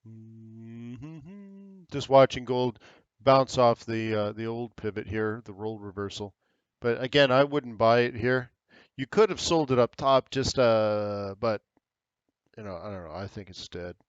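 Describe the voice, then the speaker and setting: Smooth-voiced American man talking markets. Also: medium pitch, measured pace, no room sound, lo-fi sound. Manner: casual, rambling, thinks aloud with fillers. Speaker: trading webinar host. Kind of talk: live market commentary.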